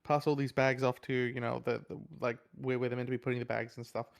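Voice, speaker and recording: A man's voice: medium pitch, flat delivery, fast, creaky, clean tone, natural voice. A man doing an oblivious, dismissive dad. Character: dismissive oblivious middle-aged father.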